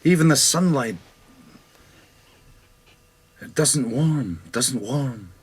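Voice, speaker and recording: A man with a Scottish accent playing a bewildered Highlander adrift in space, speaking a searching ad-lib for a rock opera. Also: lively intonation, drawn-out words, husky, full character voice. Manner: searching, wondering ad-lib speech.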